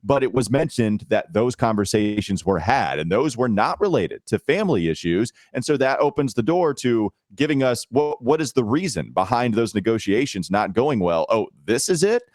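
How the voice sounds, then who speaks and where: A man's voice: mid-range voice, big pitch swings, moderate pace, few pauses, a little mellow, dry recording, studio quality. A man hosting a casual sports podcast, teasing his co-host and laughing often.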